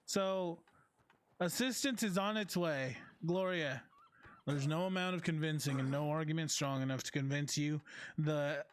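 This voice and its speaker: A man's voice: fairly high pitch, measured pace, clear, resonant tone, no echo. A man streaming a role-play game, chatting casually and teasing with frequent laughs. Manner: joking, teasing, laughs often.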